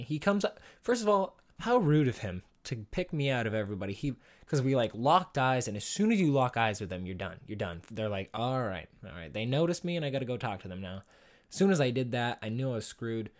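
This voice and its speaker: Rambling, profane young man telling stories. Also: medium pitch. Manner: rambling, profane, self-deprecating, laughs often. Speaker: podcast host. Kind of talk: casual comic storytelling.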